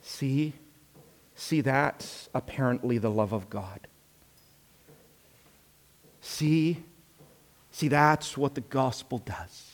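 Sly devil egging folks on, low coaxing murmur, drawn out and slow, a preacher doing the voice. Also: male voice, big pitch swings, dark tone, exaggerated voice. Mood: coaxing, gloating. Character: scheming sly devil, male, gloating.

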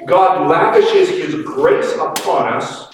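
A man preaching a sermon slowly and emphatically, his voice swinging from loud to quiet. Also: sits high, huge pitch swings, gravelly. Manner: slow, emphatic preaching with dramatic swings in loudness. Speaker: pastor. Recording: echoey hall, distant mic, faint noise.

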